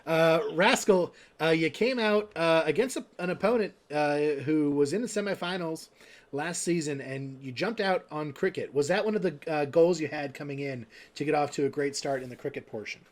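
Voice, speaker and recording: A man's voice, fairly high and at a moderate pace. He's the host and commentator of an online darts league stream, chatting with players post-match in a relaxed way and asking wandering questions padded with fillers.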